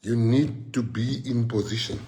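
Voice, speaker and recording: A man's voice: medium pitch, moderate pace, dark tone. A middle-aged South African man giving a live-streamed rallying talk to party members, switching between Afrikaans and English and telling stories. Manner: mixes Afrikaans and English, storytelling.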